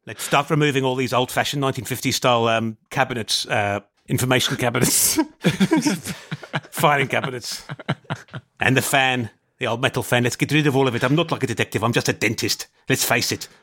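A man's voice: medium pitch, brisk, a bit bright. A man doing a put-on South African accent as a male dentist who fancies himself a detective, clipped and self-assured. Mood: deflated.

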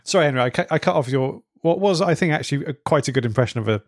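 A man's voice: a little high, animated, very fast, no room sound, studio quality. A man co-hosting a casual comic chat, chiming in with teasing remarks. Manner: teasing interjections. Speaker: podcast co-host.

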